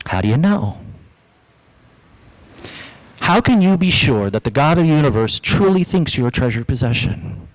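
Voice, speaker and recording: A man preaching a sermon as pastor, lively, acting out the voices he quotes. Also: medium pitch, normal speed, long pauses, low-quality recording. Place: church.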